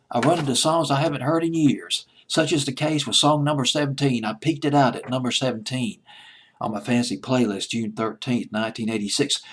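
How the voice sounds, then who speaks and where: A man hosting a countdown of old playlist songs, chatting in a rambling way and correcting himself as he goes. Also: medium pitch. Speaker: music countdown host. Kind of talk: casual spoken countdown commentary.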